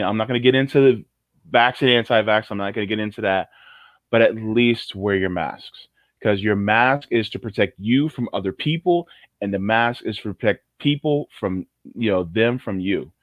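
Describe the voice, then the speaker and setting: A man co-hosts a casual livestream chat, rambling and joking with many restarts. His pitch is fairly low and his speed normal, with a dry recording that also sounds muffled and lo-fi.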